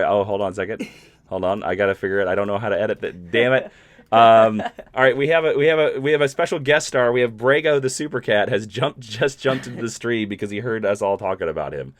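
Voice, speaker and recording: A man's voice: mid-range voice, fairly bright tone, dry recording. A man hosting a casual live stream, chatting in a playful, rambling way.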